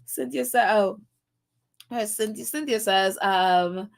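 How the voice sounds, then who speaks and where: A New York woman hosts a live stream, gushing, laughing and nearly crying as she reads viewer comments aloud. Her voice is medium-pitched, expressive and gravelly, and she speaks slowly.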